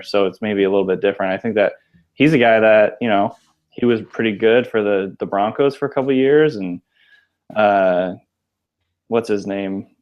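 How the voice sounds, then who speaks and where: A man with a lowish voice co-hosts a sports podcast, weighing his opinions in an easygoing way and hedging often. His sound comes through muffled and lo-fi, as if over a remote line. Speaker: podcast co-host. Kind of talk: casual sports podcast chat.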